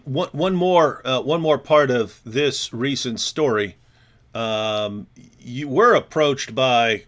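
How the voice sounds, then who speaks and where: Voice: medium pitch, fairly bright tone. Scornful, rambling interview host. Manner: rambling, hesitant questions, scornful commentary.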